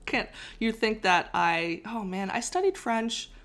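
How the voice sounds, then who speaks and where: A woman's voice: a little high, very animated, unhurried, fairly bright tone. A young woman in casual conversation, telling a history story with frequent laughs and restarts. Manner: chatty, laughs often, trails off and restarts. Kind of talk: casual chat.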